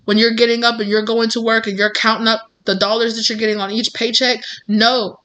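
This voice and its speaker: A woman's voice: fairly high pitch, level tone, a little fast, sharp tone. A woman giving a casual, encouraging tarot reading straight to her viewers, full of reassurance and little fillers. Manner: encouraging, calls listener babes, many fillers. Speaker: tarot reader.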